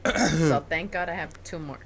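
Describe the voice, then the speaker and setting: A woman's voice: fairly low pitch, slight background noise. A woman co-hosting a podcast in casual chat, joking bawdily and laughing often. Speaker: podcast co-host.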